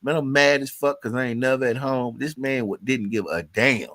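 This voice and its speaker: A man's voice: medium pitch, normal speed, a bit bright, dry recording. A man from Louisiana talking in casual chat as a podcast guest, swearing freely and acting out the voices in his stories. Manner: profane, storytelling, acts out quoted voices.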